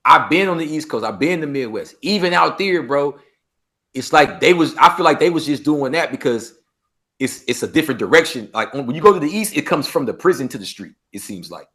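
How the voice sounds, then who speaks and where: A man from Los Angeles with a Los Angeles accent, a podcast guest in casual interview talk, animated and acting out street dialogue. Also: a little high, a little fast. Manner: animated, acts out street dialogue, swears freely.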